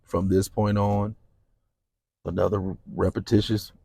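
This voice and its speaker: A man hosting a podcast interview, relaxed and encouraging, with a drawling delivery. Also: lowish voice, unhurried, gravelly, husky. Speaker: podcast host. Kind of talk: casual interview.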